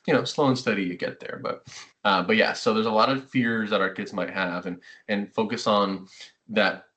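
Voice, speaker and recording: A man's voice: fairly low pitch, moderate pace, dull audio. A middle-aged man, a therapist, giving a conversational webinar talk to parents and acting out quoted remarks. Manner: conversational, animated, acts out quotes. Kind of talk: webinar presentation.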